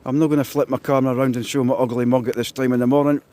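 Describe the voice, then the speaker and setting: Here a man from Scotland talks very fast in a mid-range, level, dark-toned voice. On a phone live-stream he chats casually and keeps greeting his viewers, moving from driving in a car to walking in the snow, with road and car noise on the mobile mic.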